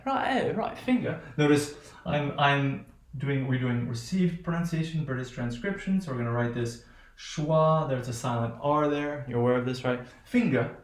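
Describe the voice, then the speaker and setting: A man's voice: medium pitch, echoey room. A man lecturing on phonetics, who talks in a rambling way with many restarts and keeps checking in with "right?". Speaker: linguistics lecturer. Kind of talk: classroom lecture.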